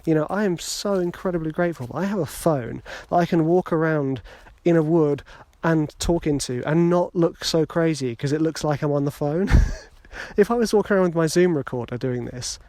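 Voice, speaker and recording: A middle-aged man with a fairly high voice records a casual podcast into a handheld phone as he walks outdoors. He talks in a chatty, encouraging way and drops joking, self-deprecating asides. The sound is close and dry. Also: fairly quick, warm tone, dry recording. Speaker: podcast host. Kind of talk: casual motivational podcast talk. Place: outdoors, walking in a wood. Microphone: phone held in hand.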